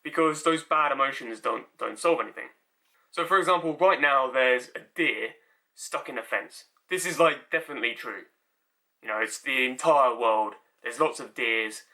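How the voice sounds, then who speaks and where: A man's voice: mid-range voice, moderate pace, pushed and bright. A man delivering a rambling, sardonic comic monologue, often repeating himself and slipping into mocking voices. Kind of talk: stand-up style monologue.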